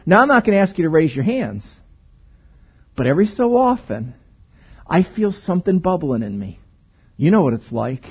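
A man preaching a sermon in a conversational, animated way, asking the congregation rhetorical questions. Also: high voice, normal speed, slightly rough, muffled recording. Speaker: pastor.

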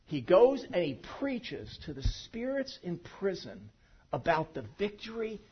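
A man preaches a sermon in a church, chatty and animated, working humor in among the teaching. His husky voice swings widely up and down as he builds to loud points and drops back low. The recording is dull and lo-fi. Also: unhurried. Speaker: pastor. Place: church sanctuary.

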